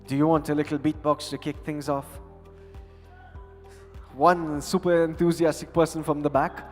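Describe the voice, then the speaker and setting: A man's voice: a little high, level tone, normal speed. Playful man hosting from a reverberant stage. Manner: playful, teasing, chatty with the crowd. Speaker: event host and emcee. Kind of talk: lively stage hosting with audience banter. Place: large conference hall stage. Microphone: handheld microphone. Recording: long hall reverb, faint music.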